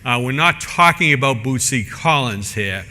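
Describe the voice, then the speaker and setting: A man's voice: mid-range voice, animated, normal speed, pushed and bright, long reverb tail, a little hiss or hum. A man giving a technical conference talk in a casual, rambling way, full of fillers and restarts. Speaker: conference speaker. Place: conference room.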